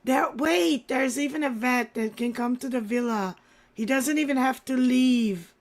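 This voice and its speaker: A woman livestreamer talking to her chat, urging calm and then apologizing. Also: high-pitched, measured pace. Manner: pleading, then apologetic and backpedaling.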